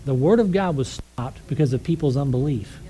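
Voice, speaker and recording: This brisk, mellow-voiced preacher speaks at medium pitch with lively intonation. He tells his congregation a personal story conversationally, acts out quoted voices, and concludes with prayer, all on a low-quality recording.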